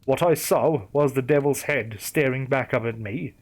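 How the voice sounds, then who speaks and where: A man's voice: medium pitch, moderate pace. Man narrating a horror story.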